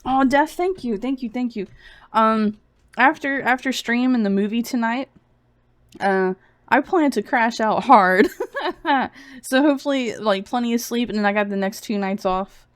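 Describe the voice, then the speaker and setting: A woman's voice: on the high side, normal speed, clear, resonant tone, dry recording, studio quality. A young woman streaming sarcastic commentary, mocking and giggly, sounding a bit feverish.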